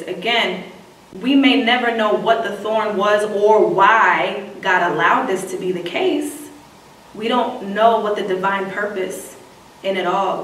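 A woman preaching a sermon, reading scripture slowly and emphatically, then breaking into casual slang asides. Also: medium pitch, a bit bright, a little hiss or hum. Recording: echoey room, voice from a distance.

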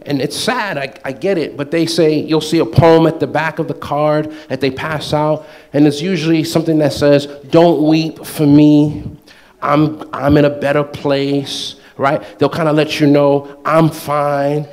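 Male preacher, high voice, lively and playful in delivery. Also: measured pace. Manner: animated, playful, acts out quoted voices with laughter. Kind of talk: sermon.

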